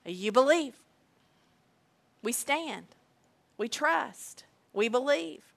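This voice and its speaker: Woman preacher, bright, higher voice, slow emphatic delivery that leans on repeated lines. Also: lively intonation, vocal fry. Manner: emphatic, repeats key phrases, slow and deliberate. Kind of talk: sermon.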